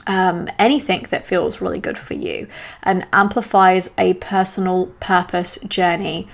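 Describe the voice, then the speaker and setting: A woman's voice: on the low side, lively intonation, unhurried, vocal fry. A woman hosting a solo astrology podcast, talking in a chatty, enthusiastic way with self-aware asides.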